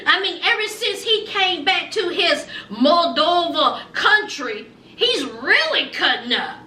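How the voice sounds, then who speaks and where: A woman's voice: very high voice, big pitch swings, slow, bright, forceful tone, reverberant, distant mic, a little hiss or hum. A woman giving a chatty, sassy recap of a reality show, talking straight to her viewers. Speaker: recap vlogger.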